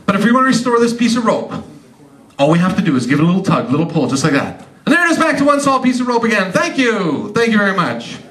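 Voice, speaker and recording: High-voiced joking man on stage. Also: sing-song, distant mic. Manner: joking, teasing the audience with quick asides. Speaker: comedy magician. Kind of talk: stand-up comedy magic show. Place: live show venue. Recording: roomy live stage sound from off-mic, loud audience. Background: audience laughing.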